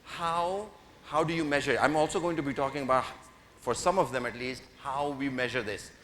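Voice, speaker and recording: A keynote speaker in a large conference hall playfully teases and directs his audience from a stage microphone. His mid-range voice is brisk, a bit bright and fairly even in intonation, with reverb and faint noise in the recording.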